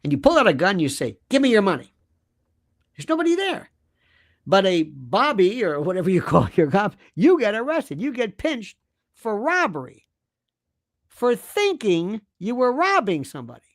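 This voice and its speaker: A man's voice: high-pitched, wildly swooping pitch, moderate pace. A man speaking as a guest commentator, arguing emphatically with rhetorical questions and acting out quoted voices. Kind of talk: animated conversational argument.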